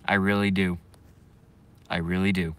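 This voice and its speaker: A brash young man ranting on a live stream, swearing freely and rambling between viewer comments. His voice is bright and forceful, and it sounds dry and close. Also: low voice, little pitch movement, unhurried, clean tone, no echo.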